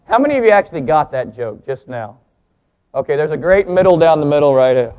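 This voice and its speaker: A lively preacher mixes jokes into his sermon, bantering with the people listening. To teach, he slows down, emphasizes crucial words and swings his pitch.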